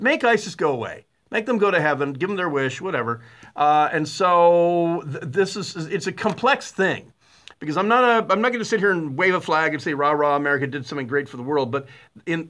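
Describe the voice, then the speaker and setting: A middle-aged man hosts a talk radio show, his voice bright, forceful and a bit high for a man. His monologue is blunt, sarcastic and animated, packed with uh's and restarts.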